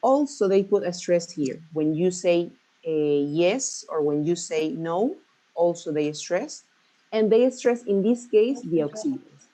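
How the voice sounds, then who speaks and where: Mellow low-voiced woman teaching English. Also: expressive, normal speed, poor audio. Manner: patient, checks in often with "right?". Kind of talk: explaining grammar in a class.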